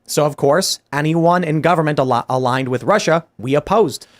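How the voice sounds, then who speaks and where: A man hosting a political talk show, arguing in an emphatic, rapid way. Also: on the high side. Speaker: host. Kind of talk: casual political chat.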